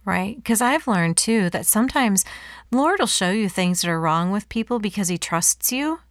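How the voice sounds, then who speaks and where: A woman's voice: medium pitch, lively intonation, normal speed, dry recording. Woman podcast host, dry close sound. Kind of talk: faith podcast conversation.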